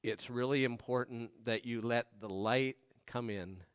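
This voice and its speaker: A pastor preaching a sermon, who moves from soft, slow scripture reading to raised, urgent appeals to the congregation. He has been sick this week. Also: medium pitch, smooth, no echo, clean studio sound. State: recovering from illness this week.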